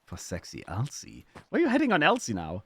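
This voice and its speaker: A man's voice: on the high side, huge pitch swings, brisk, a bit bright, slightly rough. Playful German-accented man streaming. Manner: playful, swears freely, reads chat aloud and riffs on it. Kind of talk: casual live-stream chat.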